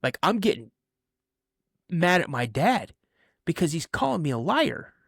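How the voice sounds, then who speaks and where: A man telling a personal story on a podcast in casual chat, animated and acting out the voices in it, with plenty of "you know" fillers. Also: on the high side, measured pace, gravelly, slightly rough, dry recording, clean studio sound. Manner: animated, acts out voices in his stories. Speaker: podcast guest.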